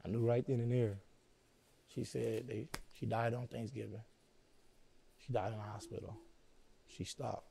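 Man, middle-aged, gravelly low-toned voice, subdued interview storyteller. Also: level tone, dark tone, slight background noise. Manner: slow and subdued, repeats "you know what I'm saying". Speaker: interview guest.

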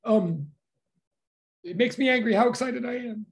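A physics professor giving an energetic classroom lecture, emphatic and excitable, peppering speech with "like" and breaking into loud bursts. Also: medium pitch, normal speed.

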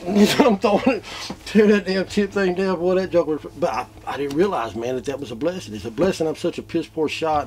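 Animated man retelling an encounter. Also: fairly high pitch, slight background noise. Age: adult, a father. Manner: animated, repeats himself, swings from loud to hushed. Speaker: eyewitness interviewee. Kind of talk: emotional first-person retelling.

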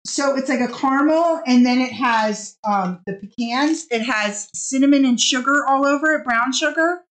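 A woman's voice: high voice, moderate pace, fairly bright tone. A woman hosting a live online shopping sale, talking casually and upbeat with lots of fillers and restarts.

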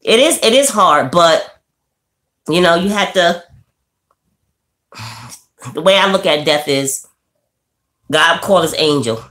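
A woman chats casually on her livestream, with a voice that sits fairly low. She laughs often, sinking to a quiet, somber tone and then jumping up high and bubbly as she greets her viewers. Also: lively intonation, slow, long pauses. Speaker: livestream host.

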